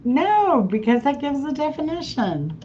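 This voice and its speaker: Slow easygoing woman hosting game night. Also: high-pitched, sing-song, mellow. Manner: laughs often, easygoing. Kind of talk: casual livestream chat. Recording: muffled stream audio, faint hiss.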